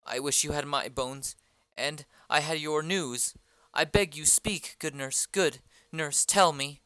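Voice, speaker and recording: An impatient young girl in love, put on by a reader in an amateur play reading. The voice is bright and clear, pleading and pressing with question after question. It is recorded dry and close. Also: medium pitch, slow pace, dry recording.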